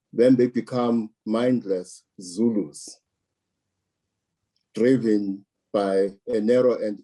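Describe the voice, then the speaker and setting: A man from South Africa speaks slowly and deliberately, leaning on repeated words to drive his points home. His voice is deep and dark, with a husky edge. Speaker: political commentator. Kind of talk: measured political commentary.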